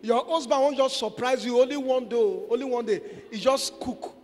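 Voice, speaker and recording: A man with a Nigerian accent preaching a sermon, exhorting and playful, mixing in Pidgin and bursting into shouts. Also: very high voice, fairly even intonation, moderate pace, soft background music. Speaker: pastor. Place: church. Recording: echoey church hall.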